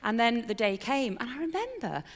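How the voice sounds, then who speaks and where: A woman's voice: on the high side, big pitch swings, normal speed, big-room sound. A middle-aged woman giving a personal testimony in a candid, chatty storytelling way with fillers and a touch of self-mockery. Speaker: speaker sharing a personal testimony.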